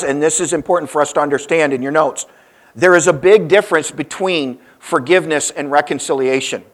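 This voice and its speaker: A male pastor delivering a sermon in a voice a little higher than most men's. He tells the story dramatically, dropping low and quiet, then climbing into emphatic, raised lines when he voices the people in it. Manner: dynamic preaching, rising and falling, acting out quoted lines.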